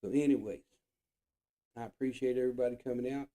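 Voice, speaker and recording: A man's voice: medium pitch, fairly even intonation, quick pace, warm tone. A man from the United States hosting his own show, delivering a blunt, profane political rant and repeating his points with frustration. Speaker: show host.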